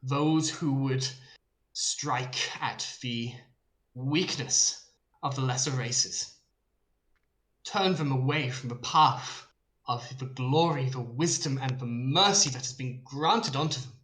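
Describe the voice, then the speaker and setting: Pompous herald, formal and proclaiming, bright tone, man voicing, roomy echo. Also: mid-range voice, takes it slowly.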